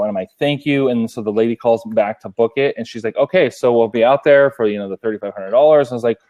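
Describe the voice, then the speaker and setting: Man, casual chat, mellow voice, animated storytelling. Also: medium pitch, brisk. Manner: animated storytelling, acting out phone calls. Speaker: podcast co-host.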